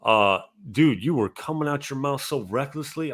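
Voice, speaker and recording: A man's voice: mid-range voice, animated, moderate pace, fairly bright tone, slightly rough. A man guesting on a casual podcast chat. He talks animatedly, swears and then apologizes for it.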